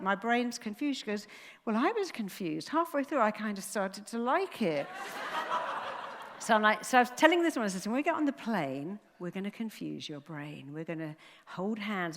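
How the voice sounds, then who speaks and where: A woman's voice: on the high side, moderate pace. A woman speaker delivers a motivational talk to an audience. She tells anecdotes with animation and jumps into the voices of the people in them. Her voice rings with the long reverb of a large hall. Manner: animated storytelling, acting out voices.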